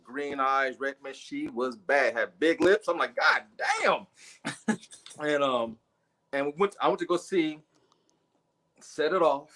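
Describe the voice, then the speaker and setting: A man's voice: a little high, measured pace, long pauses, fairly bright tone. A man telling a funny personal story in a casual livestream chat, acting out the people he quotes with big jumps in his voice. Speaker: guest storyteller. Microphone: video call.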